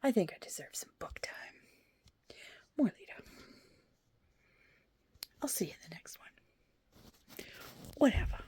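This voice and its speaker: A woman's voice: medium pitch, very animated, a little slow, long pauses, mellow. A woman vlogger chatting casually about books and telling a funny story from work, often sliding into a whisper. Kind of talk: casual chat.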